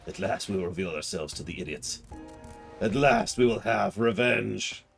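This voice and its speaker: A man doing a slow, gloating game villain. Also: fairly low pitch, creaky, faint music behind. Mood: menacing. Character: sinister scheming male villain, menacing and slow.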